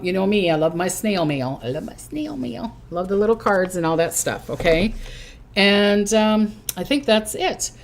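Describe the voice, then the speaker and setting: An older woman hosting a casual psychic livestream from her recliner at home, chatty and hyper, often giggling. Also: fairly low pitch. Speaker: psychic host.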